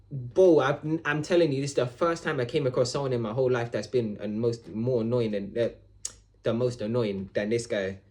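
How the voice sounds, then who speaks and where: A man, ranting casually about a coworker, swearing often and calling the listener "bro". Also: mid-range voice. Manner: swearing, animated, repeats "bro" and "I'm like". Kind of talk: casual storytelling rant.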